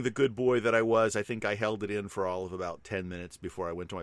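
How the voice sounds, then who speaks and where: Deep-voiced middle-aged man telling stories. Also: fairly even intonation, quick pace, few pauses, no room sound. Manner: rambling, with many fillers. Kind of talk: casual storytelling chat.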